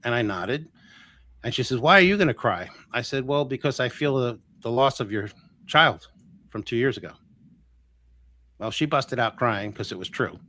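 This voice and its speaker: Man, interview guest, lively storytelling, acts out quotes, halting fillers. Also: medium pitch. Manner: animated, acts out quoted voices, many ums and restarts. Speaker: guest healer.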